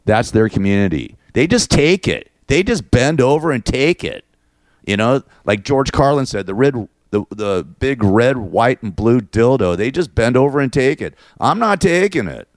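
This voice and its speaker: A man's voice: mid-range voice, expressive, normal speed, darkish tone, no echo, studio quality. A man hosting his own show, ranting in a crude, sarcastic and mocking way. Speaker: show host. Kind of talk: ranting monologue.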